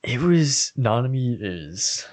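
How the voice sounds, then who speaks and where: A man's voice: medium pitch, sing-song, slow. A man co-hosting a podcast, talking earnestly and emotionally about a favorite anime character. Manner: earnest, emotional, soft-spoken at times. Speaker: podcast co-host. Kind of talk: casual anime discussion.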